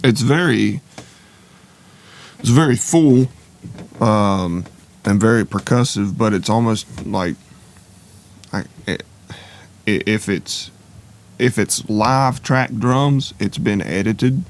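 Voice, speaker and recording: A man's voice: fairly low pitch, takes it slowly, pauses often. A young man co-hosting a podcast in casual chat, hesitant and full of fillers. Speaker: podcast co-host.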